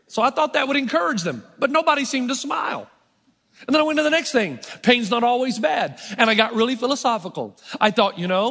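A middle-aged male pastor preaches a sermon in a strikingly high, slightly bright voice. His manner is conversational, and he pokes fun at himself between points. The audio carries the long, ringing reverb of a church sanctuary.

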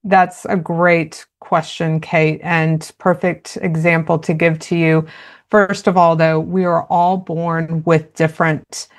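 A woman's voice: low voice, flat delivery, slow pace. A woman guest in a conversational interview, explaining parenting in an earnest, practical way and acting out little quoted exchanges.

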